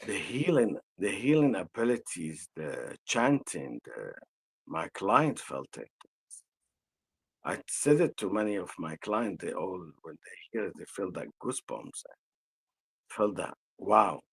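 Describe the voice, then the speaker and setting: A man with an Arabic accent, an energy healer telling a personal story in conversation, slow and halting with frequent restarts. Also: fairly low pitch, vocal fry, a bit bright, slightly rough, poor audio.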